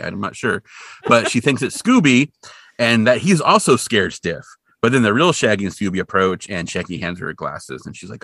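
A man's voice: on the low side, very animated, normal speed, sharp tone, no echo, clean studio sound. A man co-hosting a podcast, chatting casually and recapping a cartoon episode in a rambling, self-deprecating way. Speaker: podcast co-host.

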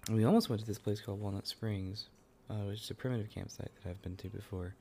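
Male co-host, low-pitched, relaxed and slangy with dry humor. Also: quick pace, vocal fry, breathy edge. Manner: laid-back, slangy, dry asides. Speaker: podcast co-host. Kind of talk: casual chat.

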